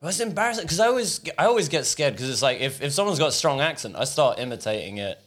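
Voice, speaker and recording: A man's voice: a little high, expressive, fast, a bit bright. A young man from London, a comedian guest on a podcast, chatting in a rambling, self-mocking way. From London, England. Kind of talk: casual comedy chat.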